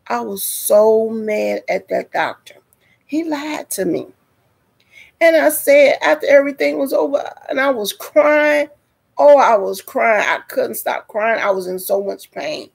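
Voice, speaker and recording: A woman's voice: on the high side, takes it slowly, vocal fry. A woman telling a dramatic personal story to her viewers in a storytime vlog, speaking directly to them. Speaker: vlogger.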